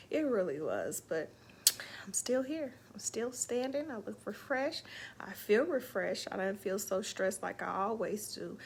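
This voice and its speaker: In a casual livestream, a woman speaks from the heart about her week and her faith, her talk emotional and faith-filled. Her voice is medium in pitch and gravelly, with a little hiss or hum on the recording.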